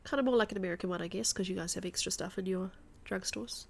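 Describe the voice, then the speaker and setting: A woman's voice: medium pitch, quick pace, gravelly, breathy edge. A woman streaming a guessing game, thinking aloud and chatting to her viewers. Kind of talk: live-stream gameplay chat.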